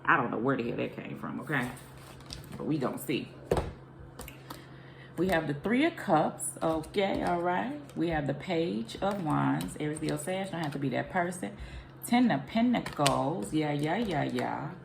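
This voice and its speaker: A woman's voice: sits low, animated, a little slow, gravelly, background noise. A woman gives a casual, rambling tarot reading, thinking aloud and questioning herself as she goes. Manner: rambling, intuitive, self-questioning. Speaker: tarot reader.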